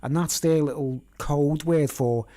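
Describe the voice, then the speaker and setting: A man's voice: fairly high pitch, measured pace, warm tone. A middle-aged man with a Merseyside accent telling a long rambling story, forever tagging on "right?" and "you know what I mean?". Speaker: vlogger. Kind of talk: rambling anecdotal monologue.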